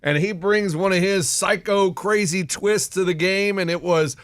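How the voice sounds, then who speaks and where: A man co-hosting a radio morning show, gushing excitedly as he recaps things. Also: high voice, normal speed, no echo, studio quality. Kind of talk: casual morning show banter.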